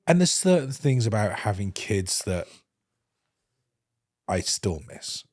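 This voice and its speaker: Husky man telling a story. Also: lowish voice, takes it slowly, dry recording, studio quality. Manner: animated, acts out quoted speech. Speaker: podcast host. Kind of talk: casual emotional storytelling.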